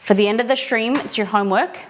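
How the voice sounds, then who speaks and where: A woman's voice: a little high, fast, a little hiss or hum. Chatty woman hosting a cooking stream. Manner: chatty, greets chat viewers by name. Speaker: live-stream cooking host. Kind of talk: casual live-stream chat.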